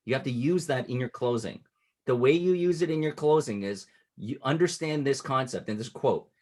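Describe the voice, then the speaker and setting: A man coaching a client on closing sales, explaining patiently and acting out sample pitches at different speeds. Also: normal speed, a little mellow. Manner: instructive, shifts cadence to demonstrate pitches. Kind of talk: casual coaching call.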